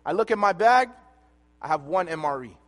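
A man preaching a sermon, telling a personal story and swinging between loud and hushed delivery. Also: sits high, expressive, moderate pace. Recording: long hall reverb.

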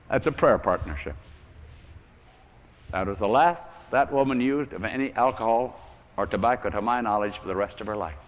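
A man's voice: fairly low pitch, normal speed, pauses often. A man preaching a sermon to a congregation, telling stories and acting out the prayers of people he met. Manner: storytelling, acts out prayers, earnest. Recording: dull old recording in a reverberant hall.

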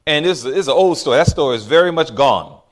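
Guy preaching a sermon, high voice that jumps all over, talks right to the crowd. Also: a little fast. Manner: animated storytelling preacher, calls to the crowd.

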